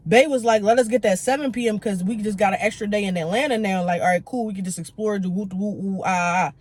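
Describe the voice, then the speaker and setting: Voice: medium pitch, quick pace, hardly any pauses. A young adult storytime vlogger telling an irritated, profane story, playing out other people's lines along the way. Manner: heated, profane, animated retelling; acts out the quoted lines of others. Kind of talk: casual storytime rant.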